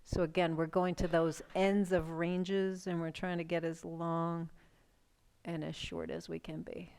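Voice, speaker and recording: Gentle woman guiding a chair yoga class. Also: on the low side, a little slow, gravelly, clean tone. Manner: calm, gentle cueing with casual asides and yawns. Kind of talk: guided class instruction.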